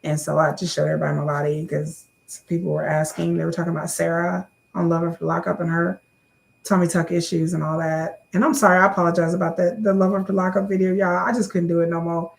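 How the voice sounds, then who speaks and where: A woman's voice: fairly low pitch, little pitch movement, fast, gravelly. A woman in her thirties doing a casual question-and-answer vlog to camera, chatty, often repeating words and calling viewers y'all.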